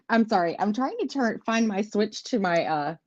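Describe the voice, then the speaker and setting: A woman's voice: medium pitch, slight background noise. A woman in her thirties or forties hosting a live tarot stream from home, chatting casually and laughing often. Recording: dull lo-fi stream audio.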